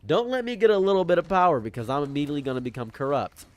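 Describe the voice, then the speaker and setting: A man's voice: fairly high pitch, big pitch swings, racing. A young man streaming, chatting casually and joking around, often repeating his lines for comic effect. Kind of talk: casual rambling stream banter.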